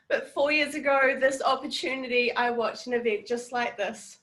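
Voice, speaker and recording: A woman's voice: on the high side, moderate pace, hardly any pauses, fairly bright tone, low-quality recording. A woman from New Zealand with a New Zealand accent, giving a heartfelt, gushing testimonial on a group video call and swearing casually. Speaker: network marketing team leader.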